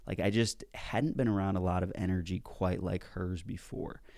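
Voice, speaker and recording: A man telling a personal story in a casual, animated way, with some mild swearing, as a self-help speaker. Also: low voice, normal speed, vocal fry, no room sound. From United States.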